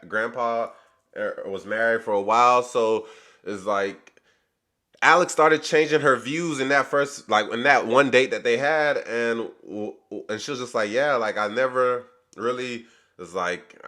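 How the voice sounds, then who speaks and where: A man's voice: on the low side, pushed and bright. A man hosting his own channel, giving a casual, rambling review of a reality show full of slang. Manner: rambling, chatty retelling with slang.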